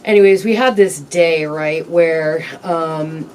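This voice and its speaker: A woman as an interview guest, telling her personal story candidly in a halting, reflective way with frequent pauses and ums. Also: low-pitched, darkish tone, far from the mic, slight background noise.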